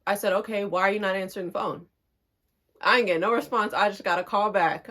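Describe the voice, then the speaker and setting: A young woman vlogger telling a story in a casual storytime style, animated and acting out the people in her story. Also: mid-range voice, brisk, slight background noise.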